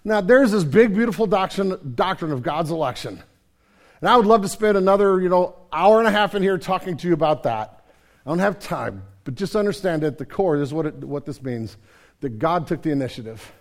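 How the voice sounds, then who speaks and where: A man preaching a sermon as a pastor, dropping to a hush and then building to loud, emphatic questions for his congregation. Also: high-pitched, expressive, fairly quick.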